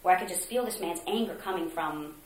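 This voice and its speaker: A woman from Mexico being interviewed, earnestly recounting a story, acting out quotes with hesitant pauses. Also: on the low side. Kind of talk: oral history interview. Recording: roomy echo, faint noise.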